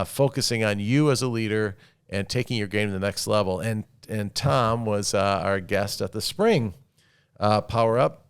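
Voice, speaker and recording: Upbeat smooth-voiced man in his fifties. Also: on the low side. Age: 50s. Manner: upbeat and enthusiastic. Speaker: podcast host. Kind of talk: casual interview chat.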